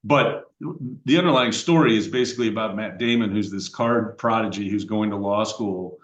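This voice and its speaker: A man's voice: on the low side, normal speed, muffled recording. Middle-aged man hosting a podcast, roomy. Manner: rambling, conversational, frequent uh fillers and restarts. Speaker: podcast host. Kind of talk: casual podcast chat. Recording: roomy echoey room.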